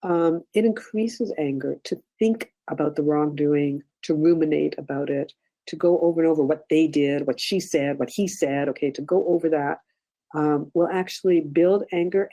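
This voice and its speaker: A woman teaches a workshop in a relaxed, chatty way, guiding listeners gently through an exercise. Her voice has a gravelly edge and a dark, mellow tone, and she keeps checking in with her audience as she goes. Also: low voice, moderate pace, low-quality recording. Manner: conversational, checks in often with "okay?"; gentle, instructive guidance. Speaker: workshop instructor.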